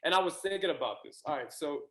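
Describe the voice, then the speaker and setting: A man's voice: a little high, animated, quick pace, reverberant, background noise. A man with a Southern US accent, a podcast guest in casual chat, laid-back and swearing freely.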